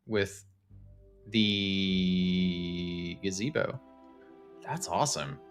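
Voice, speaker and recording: Chatty man, bright tense voice. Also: low voice. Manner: chatty, excitable, talks to chat. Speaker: streamer touring game houses. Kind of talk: casual live-stream commentary.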